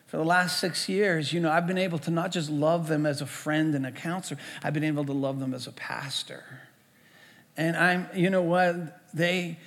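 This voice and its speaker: A man, a pastor preaching a storytelling sermon in a conversational way, often repeating words as he goes. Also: a little high. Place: church sanctuary. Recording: echoey church hall.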